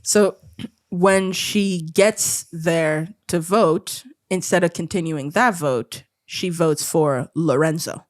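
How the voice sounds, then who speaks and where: A woman's voice: fairly low pitch, slow, no echo, clean studio sound. A woman co-hosting a podcast, telling a story in casual chat with lots of laughter. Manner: giggly, animated storytelling with frequent laughter. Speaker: podcast co-host recounting a show.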